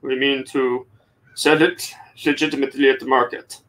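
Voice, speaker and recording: A man's voice: medium pitch, little pitch movement, normal speed, a bit bright, close to an everyday voice, poor audio. A man voicing a polite, guarded male hobgoblin traveler who speaks stiffly and formally.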